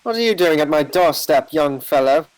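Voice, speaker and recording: Man putting on a stuffy old gentleman detective. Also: fairly high pitch, expressive, natural voice, poor audio. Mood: genteel. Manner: formal, stuffy, drawn-out phrasing.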